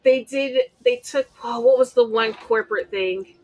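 Brief: woman, a bit high-pitched, relaxed chatty co-host who fact-checks. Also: moderate pace. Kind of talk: casual chat.

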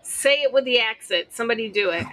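A woman's voice: a little high, animated, fast talker, fairly bright tone. A woman in a casual chat among friends, easygoing, correcting facts, with lots of fillers. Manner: easygoing, fact-checking, chatty with fillers.

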